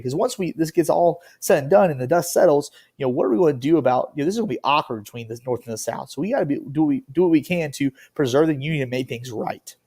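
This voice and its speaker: A man's voice: a little high, fast talker, hardly any pauses, a little mellow, husky. A man teaching a history lesson in a casual, rambling way, with lots of fillers and frequent "okay?" check-ins. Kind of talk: classroom lecture.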